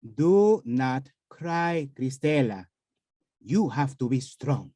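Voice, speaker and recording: A woman voicing a stern, devout older mother who gives firm, measured advice and drops in Spanish phrases. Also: extremely low pitch, animated, dark tone, no room sound, clean studio sound, pitched below the performer's own voice, heavily acted. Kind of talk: stage monologue acting.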